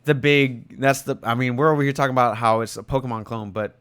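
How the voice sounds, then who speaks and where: A man's voice: medium pitch, fairly even intonation, fast talker, fairly bright tone, clean tone, no echo. A man co-hosting a casual gaming podcast, blunt and opinionated, swearing freely. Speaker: podcast co-host.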